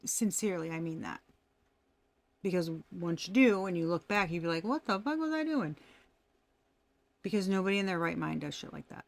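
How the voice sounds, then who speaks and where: A woman's voice: lowish voice, steady tone, fairly quick, vocal fry. A woman giving a casual tarot reading, talking animatedly, laughing often and swearing freely. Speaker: tarot reader.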